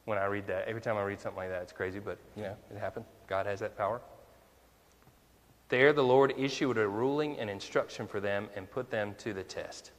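A man's voice: fairly low pitch, steady tone, brisk, long reverb tail. A male minister preaching a conversational sermon, full of rhetorical questions to the congregation.

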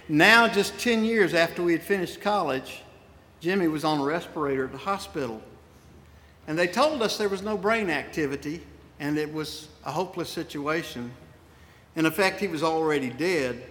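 Here the pastor's voice is fairly high in pitch and a bit bright. A middle-aged man, he shares personal stories through a folksy sermon, with remarks directed at his congregation, all captured with the long reverb of a large church sanctuary.

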